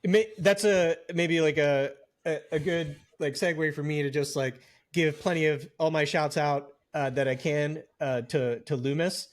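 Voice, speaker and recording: A man's voice: a little high, steady tone, normal speed. Rambling man on a horror podcast. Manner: rambling, many fillers and restarts. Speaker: podcast co-host. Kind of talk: casual chat.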